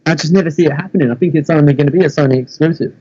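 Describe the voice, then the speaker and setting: A man's voice: a little high, very fast, warm tone, lo-fi sound. A man from England with a London accent, laid-back and casually swearing in a chat. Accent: London English.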